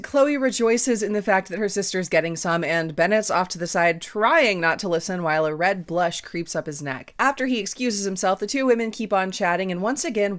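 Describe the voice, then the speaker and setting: A woman's voice: lowish voice, a bit bright. A woman from the American South recapping a romance novel in a casual, sarcastic commentary with wry asides. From Southern United States. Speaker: book reviewer.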